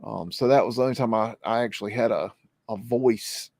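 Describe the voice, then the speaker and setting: A man's voice: lowish voice, brisk, creaky, a little mellow, no room sound, clean studio sound. A man from the United States co-hosting a casual podcast, telling a story hesitantly with many ums and restarts. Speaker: podcast co-host. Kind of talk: casual chat.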